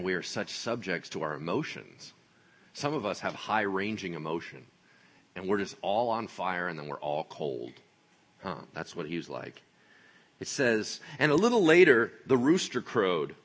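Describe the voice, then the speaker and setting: Man preaching, husky bright voice, lively pitch, jokey, acts out bits. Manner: animated, joking, acts out voices. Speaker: pastor. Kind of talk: sermon.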